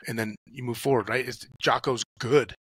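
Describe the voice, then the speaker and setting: A man's voice: mid-range voice, fairly even intonation, moderate pace, fairly bright tone, husky, no echo, low-quality recording. A man, a podcast guest talking casually and acting out his inner dialogues as he tells stories, swearing freely. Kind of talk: casual conversational talk.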